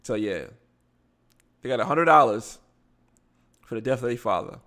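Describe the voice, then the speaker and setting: A man with a Baltimore accent and a gravelly, mid-pitched voice hosts a casual live show. He reads news articles aloud, trips over long words, and breaks off with blunt asides. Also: expressive, moderate pace, pushed and bright.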